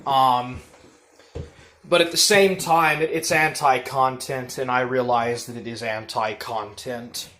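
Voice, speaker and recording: A man hosting a livestream, rambling through a monologue and reading out chat messages, repeating himself and drifting between loud and muttered. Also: medium pitch, fairly even intonation, slow pace, slight background noise. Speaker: livestream host.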